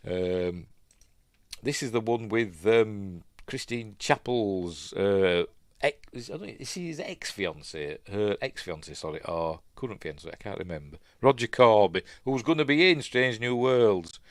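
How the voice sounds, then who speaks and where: Deep-voiced rambling Yorkshire man. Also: expressive, unhurried, no echo, studio quality. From Yorkshire, England. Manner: rambling, chatty, lots of fillers, self-correcting. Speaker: host. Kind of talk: casual live commentary while watching.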